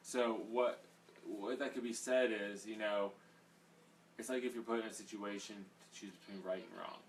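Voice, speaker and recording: A man's voice: lowish voice, steady tone, moderate pace, far from the mic. A man leading a casual Bible study, rambling and conversational, with plenty of fillers. He sits a little away from the mic, and faint noise hangs in the background.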